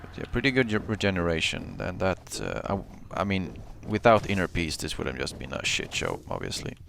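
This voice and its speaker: A man giving live commentary on his own gameplay, excitable, swinging between muttering and yelling, and cursing often. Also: sits low, fairly quick, gravelly, a little hiss or hum. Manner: curses often. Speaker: gameplay streamer.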